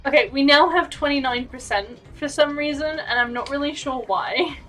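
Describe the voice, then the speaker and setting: A woman's voice: high-pitched, normal speed, a bit bright, distant mic, soft background music, poor audio. A young woman streaming a game, chatting casually and thinking aloud. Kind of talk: casual gameplay commentary.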